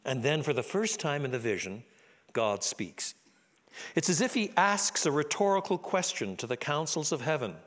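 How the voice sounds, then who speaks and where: A man preaching a sermon in an expressive, dramatic way, dropping low and quiet for solemn lines. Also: moderate pace.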